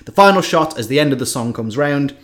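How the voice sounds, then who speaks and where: In a casual podcast chat, a man animatedly recounts a film's plot, adding frequent asides. He has a medium-pitched voice and talks briskly.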